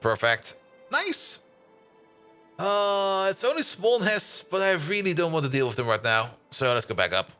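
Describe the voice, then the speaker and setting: A male game streamer with a high, lively voice, chatting loosely as he plays. He laughs often and greets viewers as they arrive, in a bright, animated way. Faint music runs underneath. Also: normal speed. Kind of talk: casual live-stream chat.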